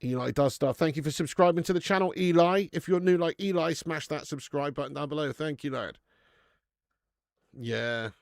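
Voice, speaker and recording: A man's voice: fairly high pitch, a little fast, creaky, hardly any pauses, no room sound, clean studio sound. A young man hosting a football watch-along stream, chatting casually with viewers and swearing freely. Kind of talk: casual live-stream chat and match commentary.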